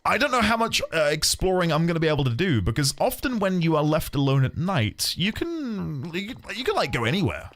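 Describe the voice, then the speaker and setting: A man's voice: on the high side, very animated, a little fast, few pauses, a bit bright. A man streaming a video game, chatting casually and laughing at himself as he corrects his own mistakes. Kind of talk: casual gameplay commentary.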